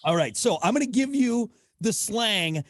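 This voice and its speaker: A man hosts a relaxed interview in a fairly high voice. He is upbeat and playful, and the sound is dry and close. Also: measured pace, no echo. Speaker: host. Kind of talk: casual interview chat.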